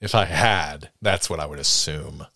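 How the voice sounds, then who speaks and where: A man's voice: rumbling low, unhurried, dry recording, studio quality. A man co-hosting a podcast in casual chat, teasing his co-hosts. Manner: teasing and lively. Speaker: podcast co-host.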